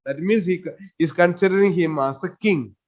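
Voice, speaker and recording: A man teaching literature, reading lines from a play with dramatic emphasis and then explaining them in plain words. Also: high voice. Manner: reads lines dramatically then paraphrases slowly. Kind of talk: classroom lecture explaining a play. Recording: dull reverberant classroom-style audio.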